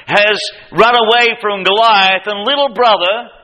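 Impassioned bright-voiced male preacher. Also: sits high, a little slow, rough recording. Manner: impassioned, emphatic, with lively asides. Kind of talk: sermon.

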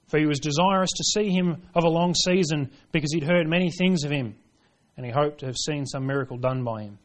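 A man delivers a sermon with a slightly high voice, reading scripture aloud in King James wording and pressing his points home. He moves back and forth between quiet lines and forceful ones.

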